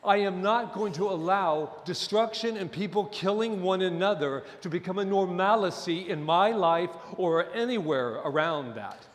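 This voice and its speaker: A middle-aged man preaching a sermon as minister, impassioned and at times near shouting. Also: high-pitched, lively intonation, normal speed, few pauses. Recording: long hall reverb.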